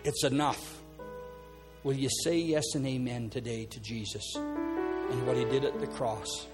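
Loud music plays behind a man whose steady voice moves a little slowly as he preaches. Acting as pastor, he calls people up and prays over them earnestly, lowering to a soft tone for quoted prayers during this sermon and altar call.

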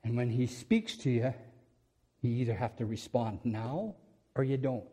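A man's voice: mid-range voice, expressive, unhurried, breathy edge. Man preaching a storytelling sermon. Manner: storytelling with laughs and acted-out quotes, swinging from loud to quiet.

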